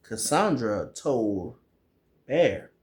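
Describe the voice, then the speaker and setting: A man's voice: mid-range voice, very animated, drawn-out words, roomy sound. A man recapping a movie in a slangy, rambling way, with lots of fillers. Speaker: movie reviewer.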